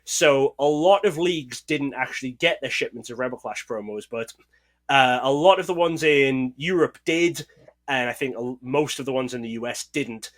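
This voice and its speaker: A man with a faint Northeast English accent talks through collecting and trivia in a relaxed podcast chat. His voice is bright and clear, at an average pitch. He explains patiently and lets his sentences trail off softly. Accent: mild Northeast English. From Northeast England. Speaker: podcast co-host. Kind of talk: casual chat.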